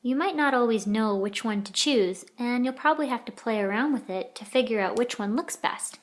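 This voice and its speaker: A woman's voice: on the high side, fairly quick. A woman teaching a children's editing lesson, patiently sounding out letters and words.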